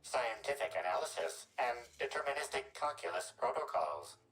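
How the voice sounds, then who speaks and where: A prim, by-the-book talking gadget from a video game, stating everything in stiff, formal sentences. The voice sits at an ordinary middle pitch and sounds set back from the mic. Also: male voice, big pitch swings, normal speed, fairly bright tone, recorded from a distance, low-quality recording. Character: prim, rule-bound talking investigation gadget.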